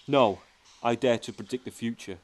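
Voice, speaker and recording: A man voicing a calm, clever, dryly witty time traveller in an audio drama. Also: medium pitch, normal speed, close to an everyday voice. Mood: wry. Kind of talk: fan audio drama acting.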